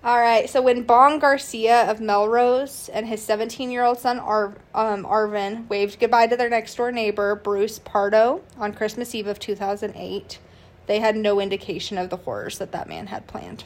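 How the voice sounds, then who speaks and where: A woman's voice: fairly high pitch, normal speed. A woman hosting a podcast, narrating a true crime case casually from her notes, with fillers and restarts. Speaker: podcast host.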